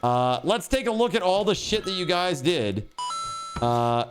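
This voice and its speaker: A man livestreaming and reading out donations in casual chat. He swears, says dude a lot, and bursts into laughter and shouting. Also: high voice, big pitch swings, a little slow, soft background music. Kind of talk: live stream donation reading.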